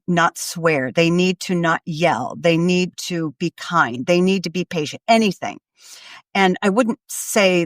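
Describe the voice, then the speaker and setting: A woman's voice: fairly low pitch, fairly bright tone, no echo, clean studio sound. A woman podcast host giving earnest parenting advice, coaching listeners and acting out what a parent should say. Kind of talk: advice monologue.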